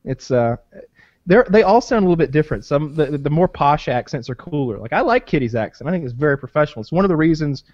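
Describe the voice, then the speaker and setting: A man's voice: a little high, expressive, fast, a little mellow, dry recording, highs cut off. A man in casual, rambling podcast chat, swearing freely and leaning on fillers. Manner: profane, rambling, many fillers.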